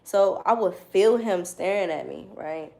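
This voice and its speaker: A woman's voice: on the low side, measured pace, creaky, warm tone. A young woman telling a casual story to her viewers, loose and slangy, with frequent swearing and laughter. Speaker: tarot reader.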